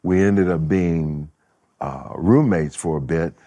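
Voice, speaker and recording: A man's voice: sits low, slow. A man in his seventies telling stories as an interview guest, acting out quotes and laughing as he goes. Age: 70s. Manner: animated storyteller who acts out quotes and laughs. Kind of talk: casual interview storytelling.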